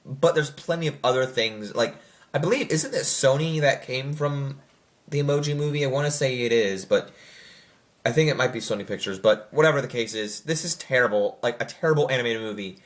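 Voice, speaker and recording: Speaking at a moderate pace in a mid-range voice, a young adult reviews films in loose, meandering fashion. Fillers and self-corrections pile up, and mocking impressions of quoted voices crop up along the way.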